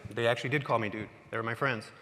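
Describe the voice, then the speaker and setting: Fast-talking bright-voiced man on stage. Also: medium pitch, slight background noise. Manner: energetic, casual, quizzes the crowd. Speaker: conference speaker. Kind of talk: motivational talk to a live audience. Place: large hall with audience. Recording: echoey hall with long reverb.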